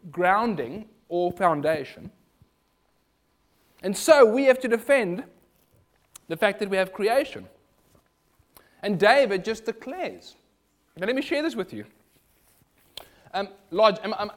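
South african guy preaching a sermon, pretty high voice, lively and rhetorical. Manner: animated, rhetorical, mimics other voices in quotes.

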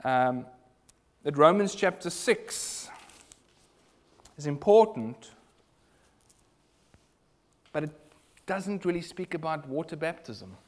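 A man preaching a sermon, earnest, moving between loud emphasis and hushed asides. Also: on the high side, animated, slow pace, pauses often.

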